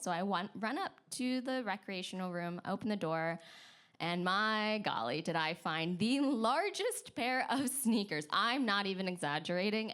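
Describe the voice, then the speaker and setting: A woman's voice: medium pitch, a bit bright. A woman telling a personal story on stage at a story slam, chatty and self-deprecating, laughing often between lines. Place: stage at a live story event.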